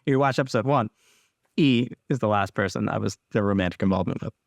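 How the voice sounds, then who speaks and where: A man speaking A soft-spoken, halting young man confiding on his podcast. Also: fairly low pitch, vocal fry, no echo, clean studio sound. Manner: rambling, halting, restarts often; blunt, swears casually. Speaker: podcast host. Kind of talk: candid personal podcast monologue.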